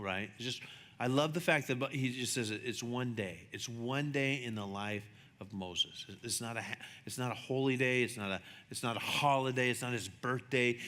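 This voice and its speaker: A man preaching a sermon as a pastor, chatty and animated, acting out the voices in his stories. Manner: conversational, animated, acts out dialogue with shifting pitch. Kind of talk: sermon with storytelling. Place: church sanctuary. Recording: long hall reverb.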